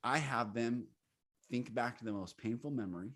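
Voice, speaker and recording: This man, a coach running men's retreats, is being interviewed and answers earnestly and emphatically, breaking into the odd laugh. His pitch is medium and his tone fairly bright, and he talks at normal speed.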